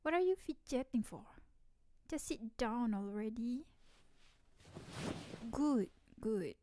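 A woman's voice: fairly high pitch, expressive, slow, background noise. A woman as a teasing tomboy best friend. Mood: playful. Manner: teasing, playful, laughs often. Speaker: ASMR voice actress. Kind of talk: ASMR role-play.

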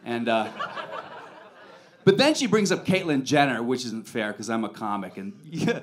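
A man's voice: medium pitch, very animated, moderate pace. A man doing a stand-up comedy set on a club stage, with a brash, profane, punchy delivery.

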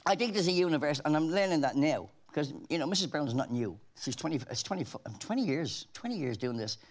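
A man's voice: a little high, animated, fast. An Irish man, a talk show guest, telling rambling anecdotes in casual chat with frequent restarts.

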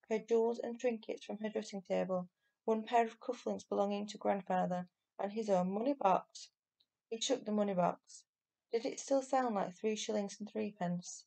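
A woman teacher reading a children's novel aloud in steady, clear storytelling. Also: mid-range voice, normal speed.

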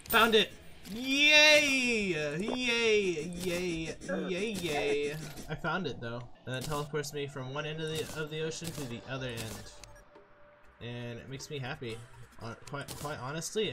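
Jokey streamer over loud game music. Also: male voice, a little high. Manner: rambling, jokey, talks to himself. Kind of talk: casual gameplay commentary.

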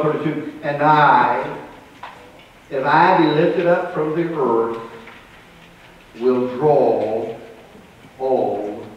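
A pastor preaching a sermon, swinging between loud and soft and repeating words. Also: male voice, medium pitch, muffled recording, slight background noise. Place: church sanctuary. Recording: roomy live church recording from a distance.

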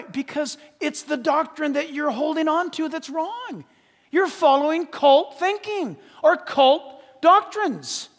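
A man pastor preaching a sermon in church, asking the congregation questions and swinging between loud emphatic lines and quiet asides. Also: very high voice, expressive, slow, long reverb tail. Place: church sanctuary.

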